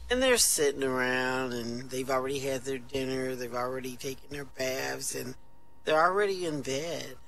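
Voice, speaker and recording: A man telling a long joke on stage in a relaxed, chatty way. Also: mid-range voice, vocal fry, poor audio. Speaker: amateur comedian.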